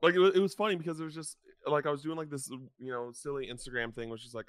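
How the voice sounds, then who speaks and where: A man's voice: fairly high pitch, fairly even intonation, quick pace, no room sound. A young man rambling in casual podcast chat, filling his talk with "like" as he goes. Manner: rambling, full of "like" fillers. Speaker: podcast co-host.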